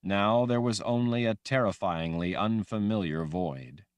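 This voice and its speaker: A man reading a fantasy audiobook aloud in a dramatic, expressive way. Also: lowish voice, unhurried, clean tone, no echo. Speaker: audiobook narrator. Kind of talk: scripted fantasy audiobook narration.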